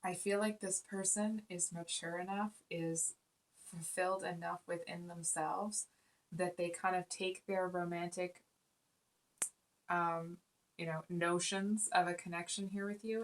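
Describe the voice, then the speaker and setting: A woman's voice: fairly low pitch, flat delivery, a little slow. A woman giving a casual spoken tarot reading, earnest and rambling, with many fillers and restarts. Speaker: tarot reader.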